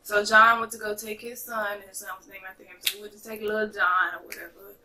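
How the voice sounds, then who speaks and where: A young woman from North Carolina telling a chatty, animated storytime to her viewers. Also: mid-range voice, quick pace, distant mic, crowd noise, rough recording. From North Carolina, USA. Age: young adult. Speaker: vlogger. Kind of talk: casual storytime vlog.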